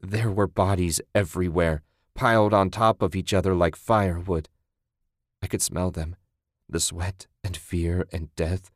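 A man's voice: low voice, steady tone, unhurried, no room sound, studio quality. A man voicing a shaken young man who pants, shivers and sobs as he speaks. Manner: panting, shaky and sobbing. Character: shaken, battered young man, near breaking.

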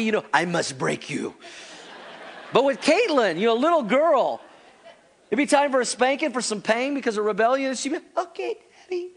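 High-voiced pastor telling a lively sermon. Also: male voice. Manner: animated storytelling, acting out voices. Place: church service before a congregation.

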